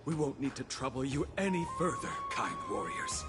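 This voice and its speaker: A man's voice: a little high, moderate pace, over loud music, natural voice. A man voicing a worried, pious townsperson in voiced game dialogue, earnest and anxious.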